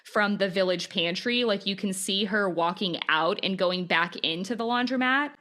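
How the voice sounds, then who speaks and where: A woman's voice: medium pitch, moderate pace, bright, forceful tone. A woman hosting a podcast, recounting case details in casual chat with plenty of fillers. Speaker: podcast host. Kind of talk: casual true-crime chat.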